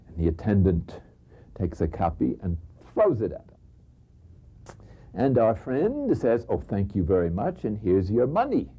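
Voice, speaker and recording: An older man, a priest, giving a spiritual talk full of anecdotes, telling them with gusto, chuckling and sometimes dropping to a hush. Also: lowish voice. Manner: lively storytelling, chuckles, drops to a hush for emphasis. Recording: dull lo-fi recording.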